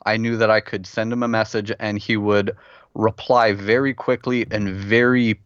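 A man's voice: fairly low pitch, flat delivery, normal speed, a bit bright, clear, resonant tone, no room sound. A man co-hosting a podcast, speaking earnestly in casual chat. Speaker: podcast co-host. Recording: dry, dull close sound.

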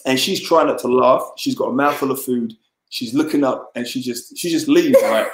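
A man's voice: mid-range voice, normal speed. A man casually telling a long personal story as a podcast guest, rambling, with lots of fillers and restarts. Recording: roomy echo.

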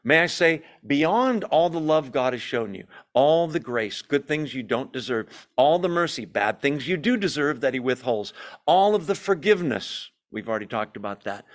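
A man leading an evening Bible study, teaching in an animated, emphatic way, asking his listeners questions and making self-deprecating asides. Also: medium pitch, moderate pace.

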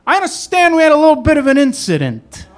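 A man voicing a smooth-talking, wheedling male body shop owner who calls on the phone to cut a shady deal, with chummy fillers. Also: very high-pitched, wildly swooping pitch, quick pace, pitched above the performer's own voice, full character voice. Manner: chummy, persuasive, hesitant fillers.

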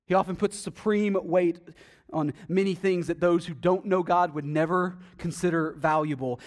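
A man preaching a sermon, emphatic and swinging between loud stresses and hushed, intimate asides. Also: high-pitched. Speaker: pastor.

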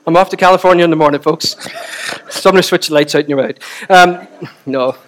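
A man's voice: a little high, fast talker, a little hiss or hum. A man, preaching a sermon with chatty asides and repeated phrases for emphasis. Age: 40s. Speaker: pastor.

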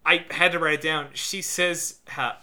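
A man with a bright, forceful voice talks casually as a podcast co-host. He stops and restarts often, fills gaps with ums and uhs, and laughs mid-sentence. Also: fairly high pitch, fairly even intonation. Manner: halting, filler-heavy, laughs while talking. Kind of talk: casual chat.

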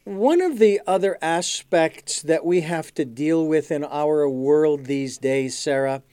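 A man hosting an interview program, talking in a halting way and often repeating words as he gathers his thoughts. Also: on the high side, dark tone, clean tone, no room sound. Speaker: program host. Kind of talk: conversational interview.

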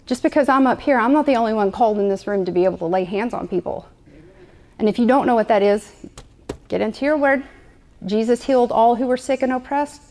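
A woman's voice: a little high, fairly quick, a little mellow. A woman preaching a sermon to a live congregation, conversational and playful, repeating her points often. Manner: conversational, repetitive, playful asides.

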